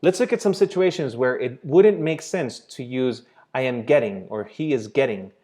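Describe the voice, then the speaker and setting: A man teaching English grammar, explaining slowly and checking in with "right?" and "okay?" as he goes. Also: medium pitch, lively intonation, dark tone. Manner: patient, repeats points with "right?" and "okay?".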